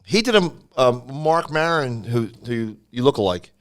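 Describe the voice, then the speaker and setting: A man, a comedian and podcast host, telling animated stories in casual chat. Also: mid-range voice, unhurried. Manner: animated storyteller.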